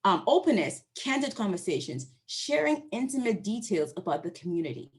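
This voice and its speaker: This is a woman scholar walking an audience through her study. Her pitch rises and falls expressively around a middle register. She keeps the talk informal, drawing her listeners in with questions and quick check-ins. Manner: lively and conversational, asks the audience questions and often checks in with "right?"; acts out her interviewees' voices when quoting them. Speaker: university researcher presenting findings. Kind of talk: academic presentation to an online audience.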